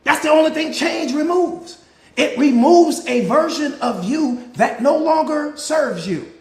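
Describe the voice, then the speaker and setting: High-voiced preachy male mindset coach. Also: expressive, a little slow, creaky, echoey room. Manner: preacher-like, repetitive rhetorical questions and answers. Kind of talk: live motivational talk.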